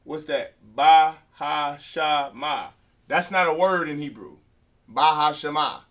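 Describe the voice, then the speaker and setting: A man writes on a whiteboard during a beginner language lesson, sounding out each word by syllable and saying it again. His voice is fairly high and fairly bright, animated, and moderately paced.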